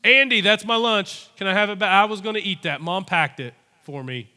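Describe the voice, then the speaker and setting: A man's voice: sits high, fairly quick, pushed and bright, smooth, long reverb tail, voice pushed up. A man putting on a whiny little boy. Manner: whiny, pleading. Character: sweet young boy protecting his lunch.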